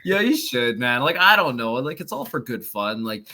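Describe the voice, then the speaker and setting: A man's voice: mid-range voice, big pitch swings, moderate pace, pushed and bright. A man from Newfoundland with a Newfoundland accent, chatting casually as a podcast guest, telling stories with frequent laughs and loose swearing. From Newfoundland, Canada. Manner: chatty storyteller, laughs often, swears freely. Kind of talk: casual chat.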